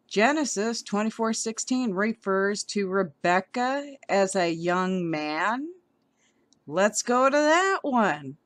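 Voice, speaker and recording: Slow-talking heated woman vlogger. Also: medium pitch, dry recording. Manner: heated, stumbling over words. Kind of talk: indignant commentary reading an article aloud.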